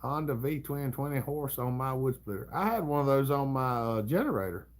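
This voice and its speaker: This middle-aged livestream host, speaking with a Southern US accent, keeps things casual as he reads comments, drawling and chuckling in a folksy style. His voice is mid-range and expressive, moving at a moderate pace.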